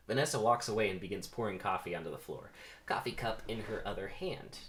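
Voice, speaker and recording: A man's voice: fairly low pitch, a little fast, fairly bright tone. A man reading a film script's stage directions in a dry, matter-of-fact way.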